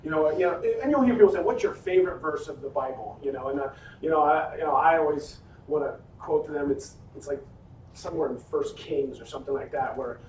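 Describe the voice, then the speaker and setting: A pastor telling a lively personal story in a sermon, acting out his own quotes. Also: a little high, a little fast, recorded from a distance. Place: church hall. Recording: echoey hall, faint noise.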